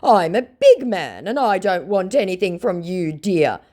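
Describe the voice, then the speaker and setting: Woman doing a whiny young scam guy, high and squeaky, slow pleading drawl. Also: expressive, warm tone. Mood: defensive. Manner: pleading, indignant, drawn-out. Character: whiny defensive young male online scammer.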